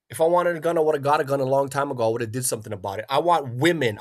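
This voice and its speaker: A man hosting a livestream, ranting in an agitated, profane way and often repeating himself. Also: medium pitch. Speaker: livestream host. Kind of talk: angry livestream rant.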